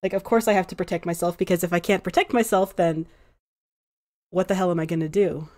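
A woman's voice: on the low side, fairly quick, darkish tone, lightly acted. A woman voicing a wry young male mage who is dry and sarcastic and mocks himself. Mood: earnest. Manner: dry, sarcastic and self-deprecating.

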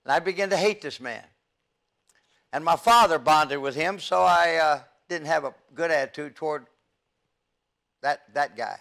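An older man and youth evangelist giving an earnest, halting testimony from the pulpit, with frequent stammers and restarts. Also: on the high side, expressive, vocal fry, fairly bright tone. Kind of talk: testimony sermon.

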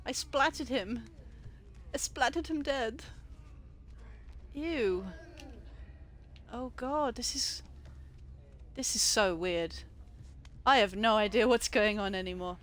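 A woman streaming a game late at night from home, excitable, giggly and sweary as she commentates. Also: on the high side, slow, long pauses. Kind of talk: live gameplay commentary.

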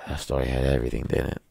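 Super deep gravelly guy ranting on his podcast, sarcastic, asks himself stuff and answers it. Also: a little mellow, no room sound. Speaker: podcast host. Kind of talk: casual ranting monologue.

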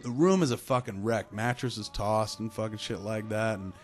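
A man with a lowish voice spins a rambling, profane anecdote on a casual podcast. He talks loosely and swears freely. Faint music sits underneath. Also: fairly even intonation, moderate pace. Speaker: podcast co-host. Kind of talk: casual chat, storytelling.

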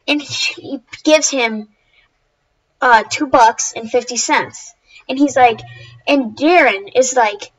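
A woman's voice: fairly high pitch, a little slow, rough recording. A woman telling a story to her viewers in a casual, rambling way, often restarting and correcting herself. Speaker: YouTuber.

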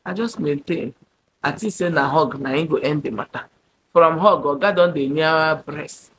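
Young woman, Nigerian accent, dramatic storytime, lively, loud then hushed. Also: deep voice, normal speed, slight background noise. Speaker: vlogger. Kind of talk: storytime monologue.

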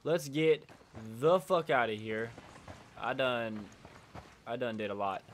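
A young man with a nasal voice giving excitable, swearing gameplay commentary as a channel host. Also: mid-range voice, slow pace, slight background noise. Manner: excitable, swearing, loud outbursts.

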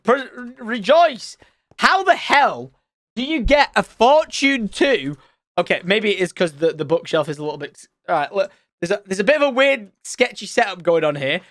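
A man commentating his Minecraft let's play, excitable and loud at surprises. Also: high voice, normal speed, no room sound. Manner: excitable, shouts and squeals at surprises. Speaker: gaming channel host.

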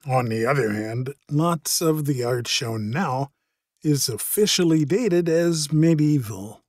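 Man, higher voice, measured earnest narration, dry close recording. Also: expressive, a little mellow, dry recording. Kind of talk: monologue narration.

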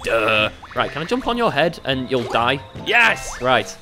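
A man with a mid-range voice and big pitch swings comments casually over music on his video game playthrough. As a let's play host, he rambles, mocks himself, and is quick to laugh.

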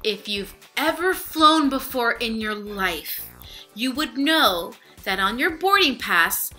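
A young woman tells a rambling storytime vlog with a very bright, lifted voice. She swears freely and acts out everyone she quotes. Soft music runs underneath. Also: fairly high pitch. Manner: animated, profane, acts out quotes. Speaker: vlogger.

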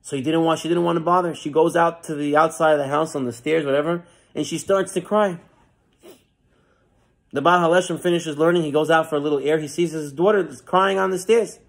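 A man's voice: a little fast, creaky. A man giving a sermon as a rabbi, telling stories and acting out the quoted lines. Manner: storytelling with lively acted quotes and frequent rises in pitch.

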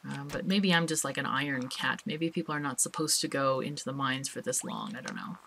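Woman, low pitch, bright voice, casual gameplay commentary, faint hiss. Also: a little fast, vocal fry. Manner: chatty, thinks aloud, small laughs. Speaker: let's play host.

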